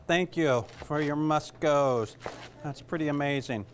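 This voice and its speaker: A middle-aged chef with a Southern US accent talks through a recipe in a loose, rambling way, joking about himself as he goes. His voice sits a touch high for a man. A faint hum runs under the recording. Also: a little slow. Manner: chatty, rambling, self-joking. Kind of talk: casual cooking demonstration.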